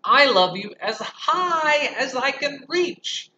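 Storybook: a man voicing a small eager boy hare, high and loud, lively up-and-down lilt. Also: slow, reverberant, highs cut off, a little hiss or hum, full character voice.

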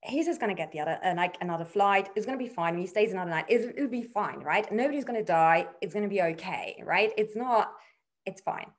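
A woman's voice: medium pitch, expressive, fast talker. A middle-aged woman, a hospitality executive, casually telling an anecdote in an interview, full of fillers like "like" and "kind of". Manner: chatty, many fillers like "like" and "kind of".

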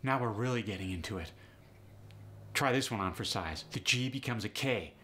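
A man's voice: lowish voice, expressive, moderate pace, pushed and bright, a little hiss or hum. A man teaching an accent lesson step by step, upbeat and explanatory, saying example words to show each sound. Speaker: accent coach.

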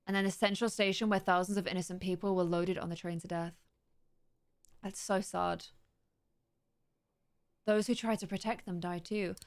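A woman's voice: mid-range voice, steady tone. Chatty young woman narrating her gameplay. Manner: chatty, curious, thinks aloud and reads slowly word by word. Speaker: let's-play host. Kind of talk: gaming commentary, reading game text aloud.

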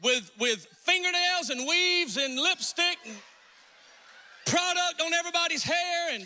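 High-voiced Southern preacher, folksy and joking. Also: male voice, a little slow, sharp tone, a little hiss or hum. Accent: Southern US, north Georgia. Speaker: pastor. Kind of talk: sermon. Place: church sanctuary. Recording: long reverb in a church hall.

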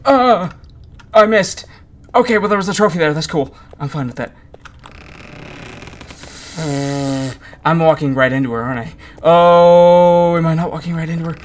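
A man's voice: fairly high pitch, fairly even intonation, moderate pace, pauses often, a little hiss or hum. A man commenting on his own horror game playthrough, jumpy and panicky, swearing and muttering to himself. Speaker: gaming YouTuber.

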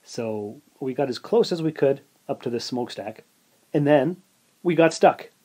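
A man's voice: medium pitch, animated, a little slow, warm tone, slightly rough. A man hosting his own podcast, casually telling a rambling story full of asides and filler words. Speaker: podcast host.

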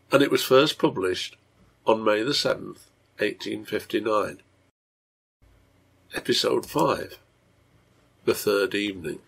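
A man reading his own translation of a serialized novel aloud, in steady storybook narration. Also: on the low side.

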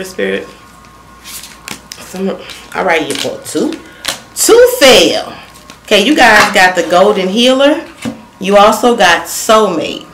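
A woman's voice: mid-range voice, a bit bright, low-quality recording. A woman from the Southern US with a Southern accent, giving a casual tarot reading in a brash, profane and comical way, rattling off long lists of words. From Southern United States. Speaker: tarot card reader.

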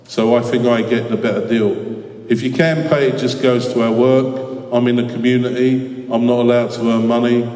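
An earnest man speaking at mid pitch, telling stories to a school assembly with a joking edge. His voice reaches the mic from a distance and rings through a large hall with a long reverb. The sound is roomy and diffuse. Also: steady tone, moderate pace, darkish tone. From London, England. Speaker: guest speaker. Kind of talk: inspirational talk with storytelling. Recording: echoey hall from far off.

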